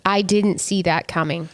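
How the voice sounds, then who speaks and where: A woman co-hosting a podcast, soft-spoken and meandering, with many hesitations in casual banter. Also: fairly low pitch, background noise. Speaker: podcast co-host.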